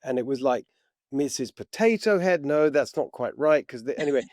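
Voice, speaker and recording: A man's voice: medium pitch, steady tone, quick pace, darkish tone, no echo, studio quality. Chatty man hosting a talk show. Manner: chatty, rambling storyteller with frequent restarts. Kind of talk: political talk show chat.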